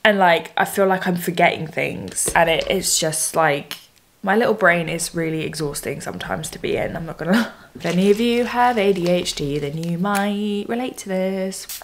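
A woman's voice: lowish voice, normal speed, slight background noise. Young woman, casual vlog chat, laughs a lot, handheld camera at home. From southern England. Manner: chatty, self-deprecating, laughs often. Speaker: vlogger. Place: at home, indoors.

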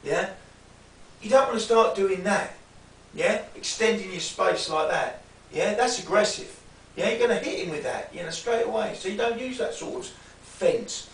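A self-defence instructor walking through a demonstration, often checking in with a quick "yeah?". His voice is fairly high and sits some way from the mic. A roomy echo and a faint hiss surround it. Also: fairly bright tone, recorded from a distance. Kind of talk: demonstration lesson.

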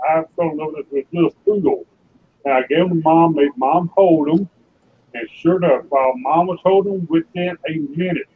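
A man casually telling a rambling family story on an online show, over a tinny phone-like line. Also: on the high side. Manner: rambling anecdotal. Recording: tinny phone-like call line with faint noise.

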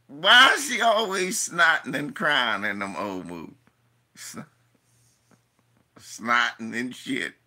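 A man hosting casual reaction commentary, loud, crude and joking, often breaking into laughter. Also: mid-range voice, animated, takes it slowly, pauses often. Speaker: host.

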